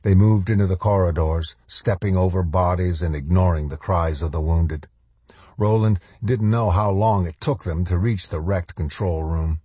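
Deep, husky male audiobook narrator. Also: normal speed, warm tone, no room sound.

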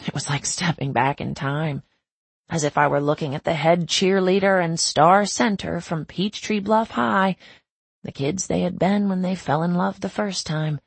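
A woman narrating a first-person novel in a reflective, measured way with a husky, creaky voice. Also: fairly low pitch, steady tone, no room sound. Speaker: audiobook narrator.

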